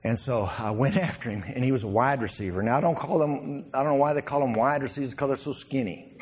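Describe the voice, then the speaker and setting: A man, a former pro football player, telling stories from his playing days as a sermon to a congregation, laughing and shouting his punchlines. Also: mid-range voice, fast, breathy edge.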